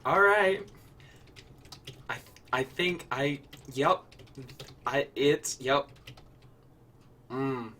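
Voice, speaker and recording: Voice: mid-range voice, animated, drawn-out words, pauses often, pushed and bright, distant mic, slight background noise. A storyteller who reads his own short fiction, swearing and joking about himself between the lines. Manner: swearing, self-deprecating, hesitant between lines. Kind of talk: casual storytelling with asides.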